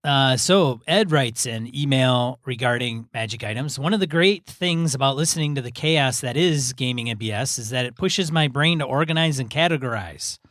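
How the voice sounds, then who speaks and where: This man co-hosts a gaming podcast, reading a listener email aloud during casual chat in easygoing, measured chunks broken up by asides. His mid-range voice is a bit bright, and the studio-quality recording has no room sound.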